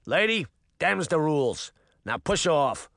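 A man voicing a big, gruff, dismissive thug guard. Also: fairly high pitch, very animated, measured pace, a bit bright, dry recording, clean studio sound, heavily acted. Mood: menacing.

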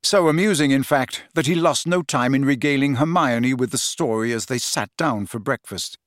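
A man narrating a fantasy novel as an audiobook, with expressive storytelling. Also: medium pitch, moderate pace, no room sound, studio quality. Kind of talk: scripted narration.

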